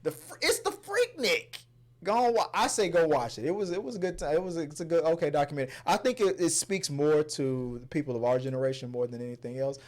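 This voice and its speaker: A man in his thirties hosting a casual movie review chat, stumbling over and repeating words, breaking into loud laughs. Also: fairly high pitch, quick pace, few pauses.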